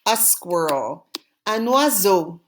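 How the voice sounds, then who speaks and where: A woman teaching French vocabulary, saying each word clearly and repeating it for students to copy. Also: mid-range voice, very animated, a little hiss or hum. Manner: slow, deliberate, repeating words for students. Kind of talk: language lesson drills.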